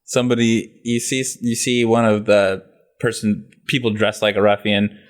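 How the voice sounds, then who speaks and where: Low-voiced male game master. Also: flat delivery. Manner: loose, halting narration with fillers. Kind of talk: narrating a tabletop game.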